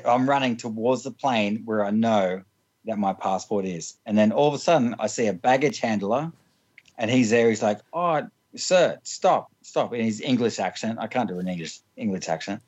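A husky, darkish voice on the low side carries these rambling, funny personal stories, told at normal speed by an interview guest. He laughs often, restarts, and fills with "like," and the audio sounds dull.

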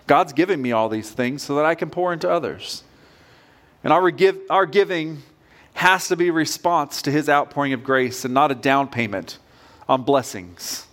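A man's voice: a little high, normal speed, fairly bright tone. A man preaching a sermon as pastor, earnest and direct in a conversational way.

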